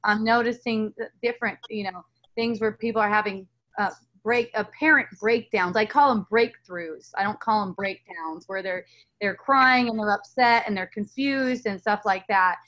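A woman's voice: medium pitch, moderate pace, fairly bright tone, highs cut off. A woman talking as a spiritual teacher in a casual dialogue, earnest and rambling, with many restarts and fillers.

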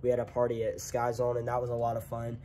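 A young man of eighteen, sick and congested, rambles through a casual home vlog. He talks extra loud into a handheld camera, full of fillers and restarts. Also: medium pitch, monotone, fast, a little hiss or hum. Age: young adult. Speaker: vlogger. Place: home, indoors.

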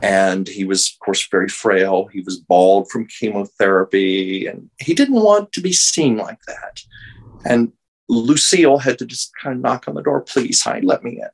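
Husky man telling an earnest story. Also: fairly low pitch, low-quality recording. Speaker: interview guest, artist and medium. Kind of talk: casual storytelling in an interview. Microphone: video call.

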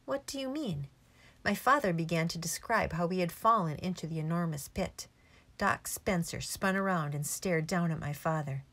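A woman narrating a children's novel in a steady, expressive reading voice. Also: lowish voice, normal speed. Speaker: audiobook narrator. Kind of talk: storybook narration.

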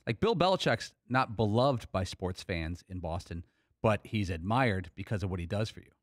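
A man's voice: fairly low pitch, animated, normal speed, no echo, studio quality. Plain-spoken male sports radio co-host. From Chicago area. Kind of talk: casual sports talk.

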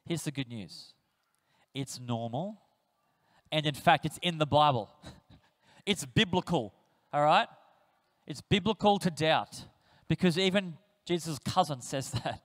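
A man preaching a sermon, telling stories in a lively way and acting out the voices of the people he quotes. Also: fairly high pitch, a little slow, pauses often. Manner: animated storytelling, acts out quoted voices. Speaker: pastor. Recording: reverberant church hall.

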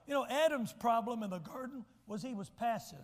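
Man, pastor, sermon, high voice, long church reverb. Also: animated, a little fast. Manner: folksy, emphatic, repeats words when restarting. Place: church sanctuary.

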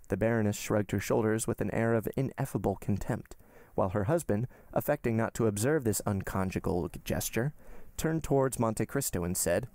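Gravelly man reading a classic novel. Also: fairly low pitch, moderate pace, a little mellow, no room sound, clean studio sound. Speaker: podcast host and reader. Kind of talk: audiobook narration of a classic novel.

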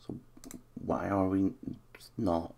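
A man with a very deep, gravelly voice talks through a football management game as he plays. He speaks slowly, muttering nervously to himself, then bursts out cheering. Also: level tone, dark tone. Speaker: gaming YouTuber. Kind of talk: live game commentary.

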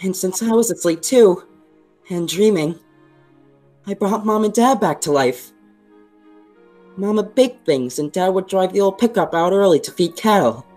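A woman's voice: medium pitch, animated, unhurried, pauses often, a little mellow, soft background music. A woman playing an earnest teenage boy from a gang in an amateur stage play, narrating his story and pleading in the scenes. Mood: reflective. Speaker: student actor.

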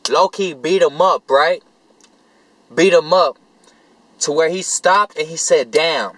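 A man's voice: fairly high pitch, slow pace, no room sound, poor audio. A young man vlogging, telling a rambling story to camera in profane street slang.

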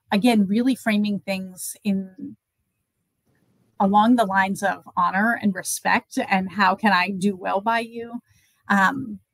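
A woman's voice: mid-range voice, no room sound, low-quality recording. A woman guest on an interview show, explaining end-of-life conversations through examples in a thoughtful, conversational way with some fillers.

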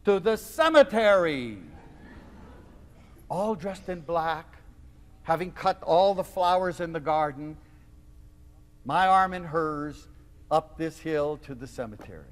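A man giving a lecture to an audience, telling a personal story in a theatrical, expressive way. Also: a little high, takes it slowly, pauses often, long reverb tail. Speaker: lecturer on love.

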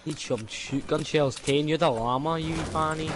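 A man's voice: a little high, moderate pace, music in the background. A young man with a Scottish accent streaming a game, swearing and teasing his opponent in casual banter. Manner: sweary, teasing trash talk.

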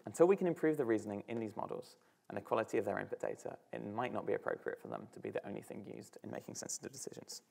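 A man's voice: lowish voice, very animated, racing, creaky, a little mellow. A man with a British accent giving an academic talk on slides, thinking aloud with frequent fillers and restarts. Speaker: student speaker.

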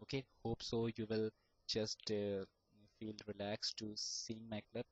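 A man with an Indian English accent talks straight to camera in a low voice, earnest and repetitive. He stretches words out syllable by syllable to demonstrate. The recording is muffled and dry, with no room sound. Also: completely flat delivery, measured pace, no room sound. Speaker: vlogger giving advice on stammering. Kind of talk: casual advice talk to camera.

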